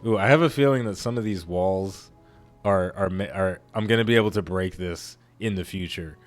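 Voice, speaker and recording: A man hosting a let's play, giving casual, excitable gameplay commentary that rambles with frequent restarts. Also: low-pitched, moderate pace, faint music behind.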